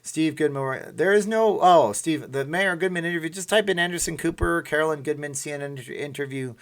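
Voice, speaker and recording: A man hosting a casual livestream, chatting in a rambling way and laughing between remarks, his voice slightly hoarse. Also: a little high, fairly quick, a bit bright. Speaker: livestream host.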